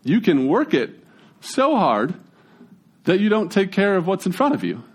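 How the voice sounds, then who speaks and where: A Midwestern man in his thirties preaching a relaxed, conversational sermon. His voice sits a little high for a man, and he tells stories with folksy energy. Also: measured pace, husky. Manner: conversational and folksy, animated storytelling. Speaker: pastor.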